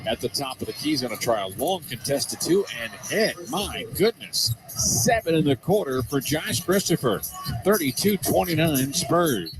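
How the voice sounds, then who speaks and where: A man calling live basketball play-by-play, getting excited on big plays. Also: a little high, normal speed, music in the background. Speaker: play-by-play commentator.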